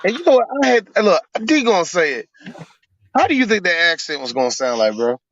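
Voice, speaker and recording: A man's voice: sits high, very animated, a little fast, a bit bright, dull audio, slight background noise. A man co-hosting a podcast, riffing in a joking, profane, casual way. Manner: joking, profane, does mock voices. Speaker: podcast co-host. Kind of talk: casual comedic chat.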